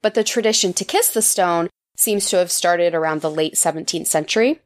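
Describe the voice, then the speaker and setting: A woman's voice: on the low side, fairly quick. A woman co-hosting a podcast, casually summarizing articles in a playful way and laughing often. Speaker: podcast co-host.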